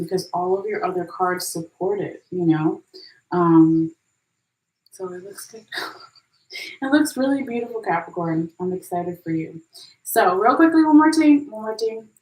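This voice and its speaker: Chatty woman reading tarot, echoey room. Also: on the low side. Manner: chatty, animated, tosses in "okay?" and "right?", laughs at her own slips. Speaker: tarot reader.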